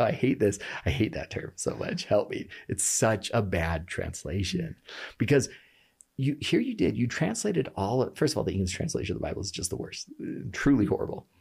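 A man's voice: low voice, gravelly, a little mellow, slightly rough. A man explaining a text in a conversation, passionate and emphatic, often restarting his sentences. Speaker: guest explaining scripture. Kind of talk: animated podcast conversation.

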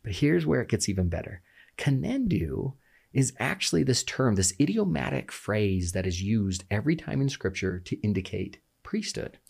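Husky, gravelly man talking passionately. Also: lowish voice, sing-song, moderate pace, a little mellow. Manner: passionate, emphatic, restarts mid-sentence. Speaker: guest explaining scripture. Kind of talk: animated podcast conversation.

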